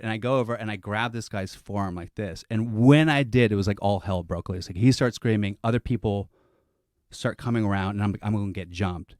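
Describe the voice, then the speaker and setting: Low-voiced man, rambling comic storyteller. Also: fairly quick, darkish tone, dry recording, clean studio sound. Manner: rambling, self-interrupting storytelling with restarts. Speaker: comedian telling a story.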